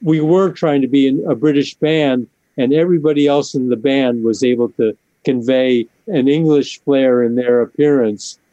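A man's voice: medium pitch, moderate pace, warm tone, no echo, lo-fi sound. A man, a band member, speaking hesitantly and self-deprecatingly in a casual interview.

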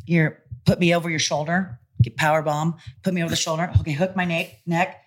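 A woman's voice: lowish voice, brisk. A woman in her forties from California, telling stories in a casual interview and acting out the voices of people she quotes. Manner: animated, acts out quoted voices. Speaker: interview guest, former pro wrestler. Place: studio in Los Angeles.

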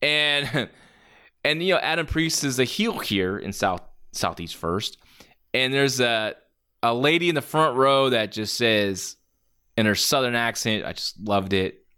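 Lively, rambling man reviewing matches. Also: medium pitch, unhurried, clean tone. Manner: rambling, many fillers and restarts; blunt, opinionated. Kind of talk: casual spoken review.

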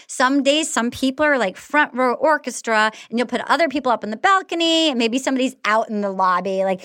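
A woman's voice: fairly high pitch, fairly quick, fairly bright tone, no echo, studio quality. Rambling, swearing woman author. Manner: rambling, swears freely, says "dude". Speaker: author guest. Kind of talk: casual chat.

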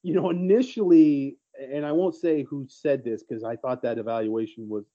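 A man's voice: mid-range voice, moderate pace, warm tone, lo-fi sound. A man co-hosting a casual sports podcast, telling recruiting stories in a rambling, teasing way. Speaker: podcast co-host, recruiting analyst.

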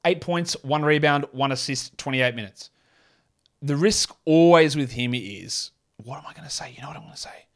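Sarcastic and blunt, the host of a one-man fantasy basketball show curses casually as he goes through numbers and reads a sponsor ad. He speaks at a moderate pace in a fairly high-pitched voice.

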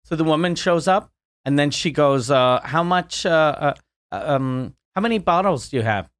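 A man's voice: on the high side, lively intonation, moderate pace, dry recording, clean studio sound. A man in a casual podcast chat, rambling and jokey with crude humor. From Canada.

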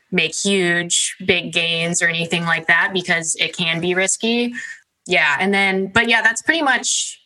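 A woman's voice: on the low side, pushed and bright, poor audio. A young woman chatting casually as a podcast guest, with many "like" and "um" fillers. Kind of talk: casual interview chat.

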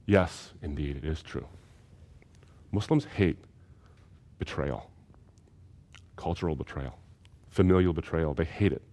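A man's voice: extremely low pitch, measured pace, long pauses, warm tone. A man lecturing in a recorded seminary course, emphatic and fond of repeating key phrases.

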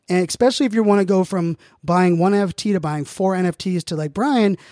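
A man hosts his podcast in a loose, rambling monologue, stumbling over restarts and leaning on fillers. His voice sits high but has a warm, mellow tone. The recording is dry and close, with no room sound. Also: fast talker, no echo. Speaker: podcast host. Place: Phoenix, Arizona area.

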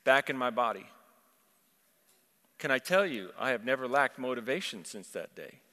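A man delivers an impassioned sermon, his voice bright and forceful. He tells stories and quotes scripture. The sound rings out with a long reverb, as in a large church hall. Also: medium pitch, animated, normal speed. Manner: impassioned storytelling, quoting scripture. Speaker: preacher.

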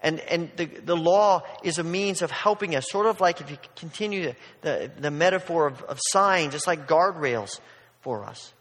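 A man's voice: on the high side, expressive, normal speed, fairly bright tone, long reverb tail. A man preaching a sermon as a pastor, earnest and emphatic, often restarting and repeating words as he works through a point.

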